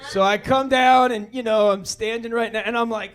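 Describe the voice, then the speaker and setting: A stand-up comedian with an extremely high-pitched voice talks a little fast and with few pauses, crowd noise audible around him in a comedy club. He rambles through relaxed stories, acting out the characters as he goes.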